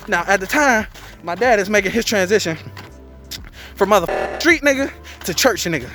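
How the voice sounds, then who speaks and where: A man vlogging to camera, telling a story in a loose, profane, animated way and acting out quotes. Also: high voice, brisk, faint music behind. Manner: profane, animated, acts out quotes in character voices. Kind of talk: casual storytelling.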